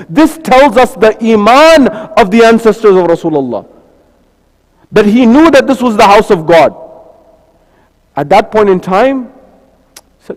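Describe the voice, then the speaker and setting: A high-pitched male preacher giving a storytelling sermon, recorded in a reverberant mosque hall. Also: big pitch swings, unhurried, long pauses. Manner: storytelling with repeated phrases and lists.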